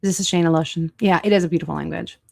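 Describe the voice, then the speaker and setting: A woman's voice: fairly low pitch, steady tone, rapid-fire, creaky, darkish tone. A woman hosting a casual livestream, chatting with viewers and looking up foods online as she talks. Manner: chatty, reacts to chat and searches food online. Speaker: livestream host.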